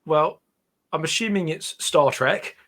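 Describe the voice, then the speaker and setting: A man's voice: on the high side, lively intonation, measured pace, fairly bright tone. A man co-hosting a casual podcast, making hesitant, unsure guesses. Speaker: podcast co-host. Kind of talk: casual chat.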